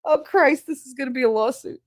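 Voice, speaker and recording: A woman's voice: high-pitched, a little fast, voice pushed up, lightly acted. A woman doing a fretful, exasperated boss. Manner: fretful, pleading.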